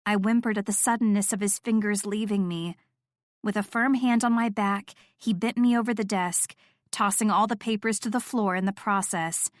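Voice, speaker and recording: A woman reading first-person audiobook narration with steady, intimate storytelling. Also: medium pitch, moderate pace, dry recording, clean studio sound.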